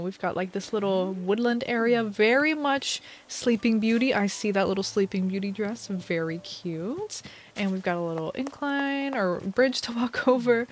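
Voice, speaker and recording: A woman's voice: medium pitch, a little hiss or hum. Gushing woman narrating a game tour. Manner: gushing, excitable, lots of "oh my goodness". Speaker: host touring game islands. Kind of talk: casual gameplay commentary.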